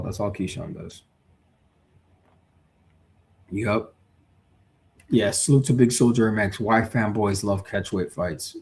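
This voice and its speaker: Man, lowish voice, live stream host, casual chat, animated, opinionated. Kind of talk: casual live boxing talk.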